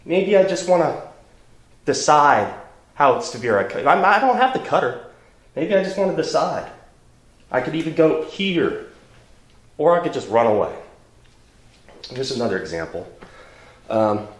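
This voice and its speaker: A man's voice: on the high side, echoey room. A man teaching self-defense against knives in a casual demonstration lesson, blunt and chatty, often checking in with "okay?".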